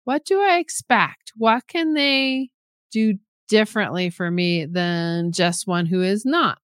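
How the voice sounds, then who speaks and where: A woman's voice: medium pitch, takes it slowly, no echo, clean studio sound. A woman interviewer asking reflective, affirming questions. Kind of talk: conversational interview.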